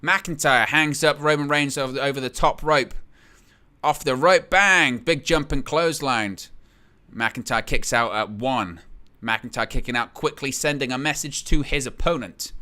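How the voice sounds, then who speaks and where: A man hosting a wrestling watch-along, giving excitable live play-by-play and reading out viewer comments. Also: mid-range voice, moderate pace. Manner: excitable, exclaims at big hits, reads chat aloud.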